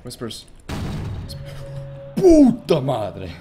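Streamer, young man, animated swearing reactions, slow drawl. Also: mid-range voice, faint music behind. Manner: excitable, swearing, yelps when startled. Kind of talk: live gameplay commentary.

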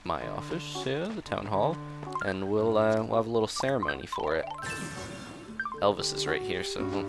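A man's voice: fairly low pitch, creaky. A man giving easygoing, rambling commentary over his own gameplay, chuckling often and reading the game's dialogue aloud in playful voices. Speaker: game commentator. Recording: game music playing under voice. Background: game music.

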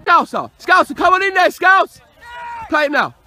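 High-pitched shouting football coach, man. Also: lively intonation, normal speed, some chatter behind. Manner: urgent, encouraging, with hushed asides to an assistant. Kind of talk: shouting sideline instructions.

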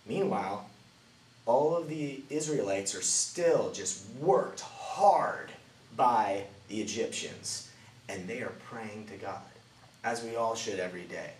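A man teaching a children's Bible lesson as a lively storyteller, swinging between loud and hushed delivery. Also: lowish voice, takes it slowly. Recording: roomy, distant mic, faint ambient noise.

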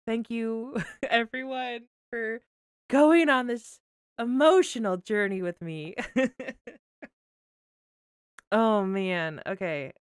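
A woman game streamer chatting casually while tearful and crying, talking in an emotional, halting way and laughing through her tears. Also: on the high side, clean tone, no echo, clean studio sound. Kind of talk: casual livestream chat.

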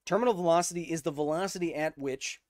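A man in his thirties hosting a live stream, reading chat questions aloud and explaining science in an energetic way. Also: fairly high pitch, fast talker, no echo, studio quality. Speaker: host.

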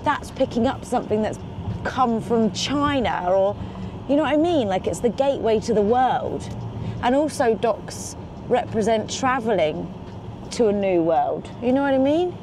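An excitable, chatty woman vlogging from a moving car, swearing casually as she talks. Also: fairly high pitch, normal speed. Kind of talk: casual road-trip chat. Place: in a car on the road. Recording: road noise behind. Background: car and road noise.

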